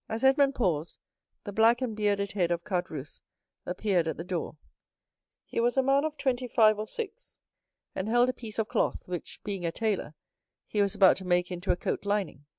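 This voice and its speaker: A woman's voice: darkish tone, no echo. Female audiobook narrator, mid-range voice, dry booth sound, acts out each character. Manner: reads every character herself, lifting her pitch for the young hero. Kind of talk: scripted narration.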